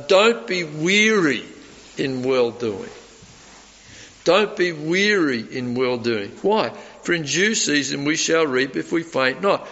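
A man's voice: on the high side, fairly bright tone. A man preaching a sermon, earnest and folksy, telling stories with little chuckles. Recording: dull reverberant hall recording.

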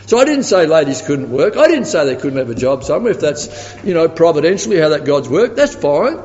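A man with a slightly high voice preaches in a hall where the sound rings with long reverb. The audio is dull and muffled. He tells his story in a lively way and grows animated when he quotes other people. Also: fairly quick. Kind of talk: sermon with anecdote.

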